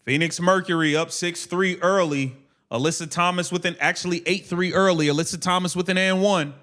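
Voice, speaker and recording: A man's voice: high voice, steady tone, a bit bright. A man calling a game play by play on a livestream in clipped bursts, brashly mocking players and swearing. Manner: rapid clipped play calls. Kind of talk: casual play-by-play commentary.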